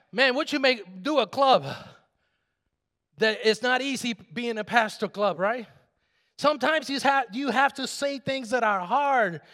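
A middle-aged man pastor preaching a sermon, swinging from loud shouted declarations to quiet asides and calling on the congregation to answer back. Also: very high voice. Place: large church sanctuary. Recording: long hall reverb in a church.

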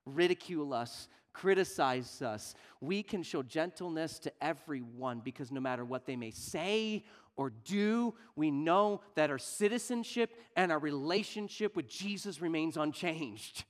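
An earnest male preacher delivers a sermon from the pulpit. His voice sits a little high for a man, and he swings between hushed, gentle phrases and louder emphatic lines. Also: lively intonation, a little slow, few pauses.

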